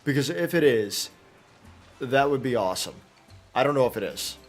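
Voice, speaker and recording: A man's voice: mid-range voice, animated, moderate pace, faint music behind. A man streaming a video game, talking casually and rambling with lots of fillers and restarts as he plays. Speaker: gaming streamer. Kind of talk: casual live gameplay commentary.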